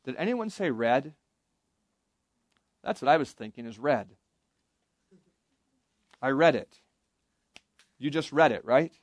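A man's voice: on the high side, big pitch swings, unhurried, long pauses, no room sound. A man giving an interactive Bible lesson to young campers, asking the group questions and leading them in call-and-response. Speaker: camp Bible teacher.

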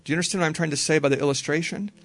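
A man teaching a group how to read the Bible, talking in a relaxed, conversational way and slowly repeating verses. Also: fairly high pitch, no room sound. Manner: relaxed, conversational, slow careful repetition.

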